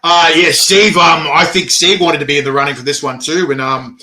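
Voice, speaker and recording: An Australian man hosting a casual chat, excitable, laughing often, heard over a video call. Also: a little high, fairly quick. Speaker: host.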